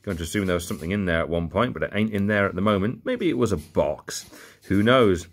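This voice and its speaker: A man's voice: deep voice, lively intonation, fast, breathy edge. A young man rambling jokily through a bag of old toy cars. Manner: rambling, jokey, muttering asides. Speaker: toy collector vlogger. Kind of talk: casual unboxing commentary.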